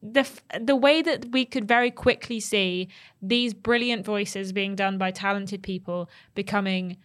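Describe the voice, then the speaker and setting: A woman's voice: medium pitch, fairly even intonation, unhurried. Enthusiastic woman podcaster. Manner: enthusiastic, agreeable. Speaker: podcast co-host. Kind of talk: casual chat.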